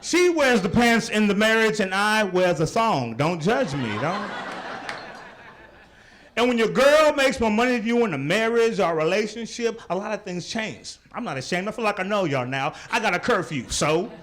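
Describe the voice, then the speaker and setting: Young guy doing stand-up, high voice that jumps all over, live club noise behind him. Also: moderate pace. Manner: animated, teasing the crowd. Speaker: stand-up comedian. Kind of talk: stand-up routine. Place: comedy club stage.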